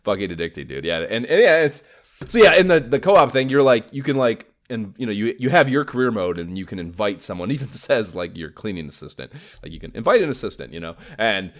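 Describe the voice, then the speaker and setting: A man co-hosting a podcast, chatting casually about games, excitable, swearing a lot and laughing often. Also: on the low side, brisk. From Los Angeles area. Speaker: podcast co-host.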